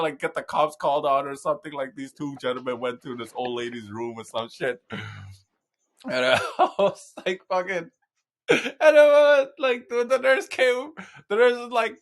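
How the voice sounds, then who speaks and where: A young man, a podcast host, telling a comic story in casual chat, swearing freely and loudly acting out the people in it. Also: high-pitched. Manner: animated, swearing, voices people in stories loudly.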